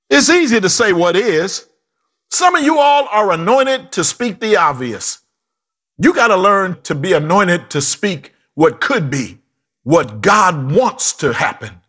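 A man preaching a sermon with humor and asides, swinging from shouts to hushed quoted lines. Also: high-pitched.

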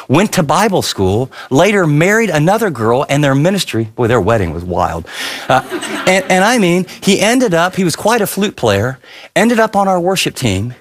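A middle-aged pastor delivering a sermon. He tells stories animatedly, jumping up and down in pitch and speeding up in bursts. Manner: animated storytelling, sudden pitch swings.

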